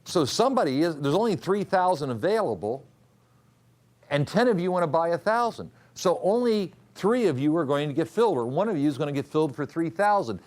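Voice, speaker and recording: Lively man drilling a class. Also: fairly high pitch, a little fast. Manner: questions the class and drills answers. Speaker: trading instructor. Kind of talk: classroom lecture.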